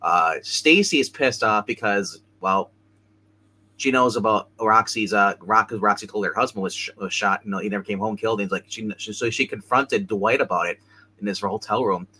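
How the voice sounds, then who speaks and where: A man's voice: fairly low pitch, normal speed, bright, forceful tone, slightly rough, rough recording. A man casually recapping a TV episode as co-host, rambling with many restarts and fillers. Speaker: show co-host.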